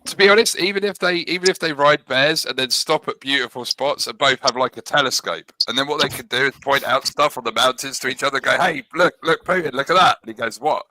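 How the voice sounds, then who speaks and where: Man, animated chatter, very bright dry voice. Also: mid-range voice, quick pace, few pauses, no room sound. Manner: animated, acts out little scenes. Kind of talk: casual live-stream chat.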